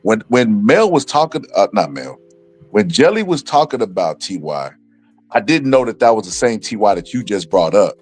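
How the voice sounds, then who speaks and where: A man co-hosting a casual livestream chat, retelling a story with animated quotes. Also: lowish voice, normal speed.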